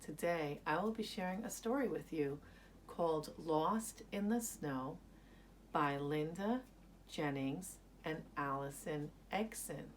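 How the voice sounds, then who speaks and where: Children's read-aloud narrator, woman, soft and gentle, lowish voice, very slow. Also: a little hiss or hum. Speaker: storyteller.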